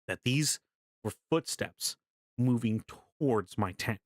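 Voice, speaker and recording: A young man casually telling a story to his live stream chat, animated, laughing often and swearing freely. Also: mid-range voice, unhurried, no echo, clean studio sound.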